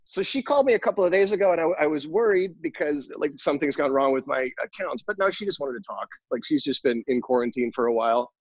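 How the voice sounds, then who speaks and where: A man's voice: fairly high pitch, lively intonation, fast, hardly any pauses, no room sound, muffled recording. A man co-hosting a podcast in casual chat, telling rambling, joking stories. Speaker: podcast co-host.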